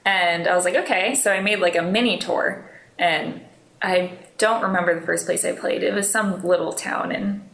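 A woman's voice: lowish voice, steady tone, normal speed, vocal fry, fairly bright tone. A young woman telling stories in a casual interview, rambling and self-deprecating, laughing often. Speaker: interview guest, musician. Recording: roomy, echoey room.

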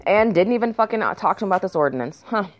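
A woman's voice: mid-range voice, lively intonation, very fast. A woman commenting on news stories in a casual rant, reading passages aloud and breaking in with sarcasm and frequent swearing. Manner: sarcastic, swears often, shifts into mock outrage.

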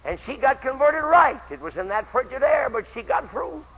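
A high, husky older man preaching at a camp meeting, his pitch leaping and falling as he tells his stories and breaks into fervent shouts. The sound is dull and lo-fi, like an old tape. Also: animated, normal speed. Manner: shouting, fervent, storytelling with quoted voices.

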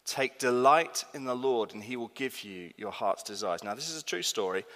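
A man's voice: mid-range voice, moderate pace, a bit bright. Man preaching, emphatic, in a reverberant hall. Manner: emphatic, asks the congregation questions. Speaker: pastor. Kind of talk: sermon. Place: church. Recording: long reverb of a church hall.

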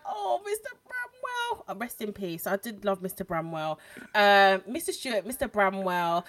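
A woman, co-hosting a podcast, blunt and animated in casual chat. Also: medium pitch, moderate pace, noisy background. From London. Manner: blunt, animated, swears freely. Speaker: podcast co-host.

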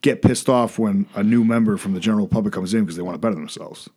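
A man's voice: on the low side, fast, mellow, breathy edge. A man co-hosting a casual podcast as a personal trainer, talking bluntly and profanely.

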